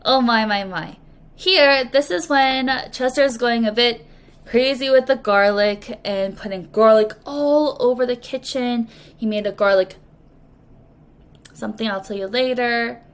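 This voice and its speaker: A woman English teacher giving a recorded reading lesson, explaining slowly and patiently to young students. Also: fairly high pitch, clear, resonant tone. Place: language academy.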